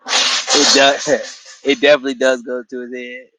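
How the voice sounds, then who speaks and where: A man's voice: medium pitch, flat delivery, unhurried, pushed and bright, dry recording, low-quality recording. Tired man giving a slangy, profane recap. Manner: slangy, profane, acts out characters' lines mid-story. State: tired after a work shift. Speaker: show recap vlogger. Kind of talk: casual episode recap.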